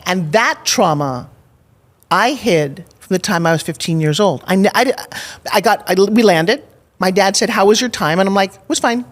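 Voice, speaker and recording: A woman's voice: mid-range voice, moderate pace. A middle-aged woman as a podcast guest, telling a personal story candidly and with emphasis, acting out her own past thoughts. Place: studio in Nashville.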